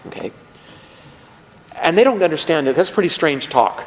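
A man preaching a lively, conversational sermon, acting out the people he quotes. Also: mid-range voice, normal speed, pauses often, a little hiss or hum. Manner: animated, conversational, acts out quotes. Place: church. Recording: long hall reverb.

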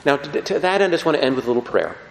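A man preaching a sermon with emphatic, animated delivery, often checking in with his listeners. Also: on the high side, racing, a little hiss or hum. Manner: animated, emphatic, frequent "okay?" check-ins. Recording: roomy hall with long reverb.

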